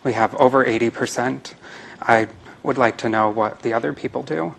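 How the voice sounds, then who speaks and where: Man, mid-pitched, informal conference panelist. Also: normal speed, vocal fry, poor audio. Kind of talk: conference presentation.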